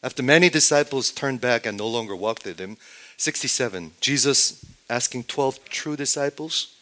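Preacher swinging between booming and whispered. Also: male voice, normal speed. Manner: swings from loud emphatic statements to hushed whispers, repeats phrases. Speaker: pastor. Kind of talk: sermon.

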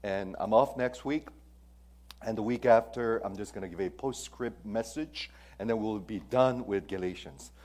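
A man preaching a sermon as pastor. He asks the congregation questions and swings between loud stressed phrases and hushed, near-whispered lines. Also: lowish voice, moderate pace.

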